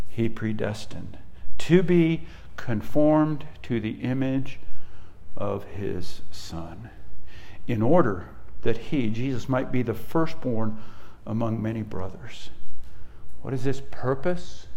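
Emphatic pastor preaching. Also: male voice, mid-range voice, a little mellow. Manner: emphatic preaching with many restarts and repeated words. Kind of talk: sermon.

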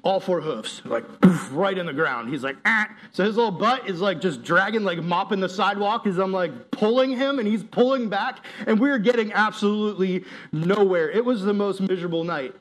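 A man's voice: high-pitched, a little fast, hardly any pauses. A young man from the United States giving a casual youth sermon, telling stories in a joking, slangy way. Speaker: youth pastor.

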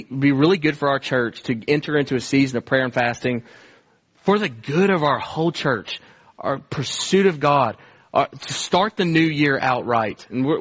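A man's voice: medium pitch, fairly bright tone. A male pastor preaching a sermon to his church in an earnest, conversational way. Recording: dull, lo-fi sermon recording.

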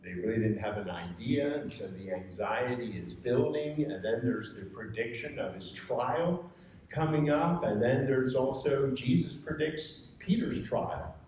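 A man's voice: mid-range voice, measured pace, darkish tone, slight background noise. A man giving a conversational sermon to a seated group, earnest and rising to emphatic urging. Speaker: preacher. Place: meeting room with a seated group. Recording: echoey room, picked up from far off.

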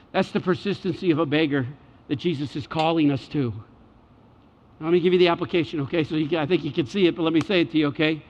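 A male pastor preaches with emphasis, repeating his key lines and dropping to a hush before rising again. His voice sits high for a man. Long reverb trails each phrase, and the sound is dull. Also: a little fast. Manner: emphatic, repeats key phrases, swings between loud and hushed. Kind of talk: sermon.

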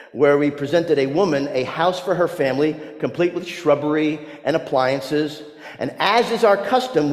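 A man preaching a sermon in a church, animated and humorous, acting out quoted lines with dramatic flair. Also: fairly high pitch. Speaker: pastor. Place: church sanctuary. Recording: echoey church sanctuary with long reverb.

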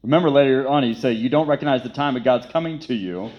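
A man's voice: medium pitch, fast, few pauses, darkish tone, dull audio. A man preaching a sermon, emphatic and repetitive, who poses rhetorical questions and then answers them. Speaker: pastor.

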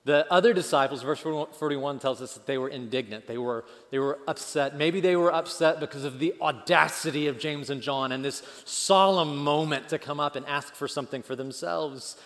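Brief: lively male pastor, slightly high voice, sermon with long church hall reverb. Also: normal speed, hardly any pauses. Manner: animated, leads call-and-response with the congregation.

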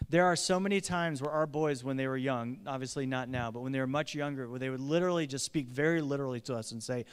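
Middle-aged pastor preaching in a hall. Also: male voice, mid-range voice, fast, smooth. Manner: earnest, urgent preaching with lively asides. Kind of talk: sermon. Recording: long reverb of a large hall.

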